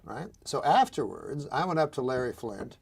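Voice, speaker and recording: A man telling jokes in a deadpan, rambling way, now and then chuckling at his own lines. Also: mid-range voice, moderate pace, creaky, husky. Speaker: comedian. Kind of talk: deadpan news jokes and talk-show storytelling.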